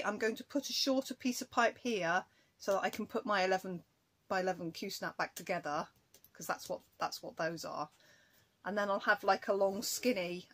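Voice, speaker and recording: A woman's voice: medium pitch, fairly bright tone. A woman chatting casually to camera in a cross-stitch vlog, rambling and breaking off to scold her cat.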